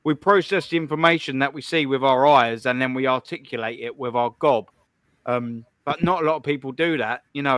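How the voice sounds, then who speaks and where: A man's voice: a little high, fairly bright tone, dry recording. Blunt, profane man ranting. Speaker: live stream host. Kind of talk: ranting call-in stream commentary.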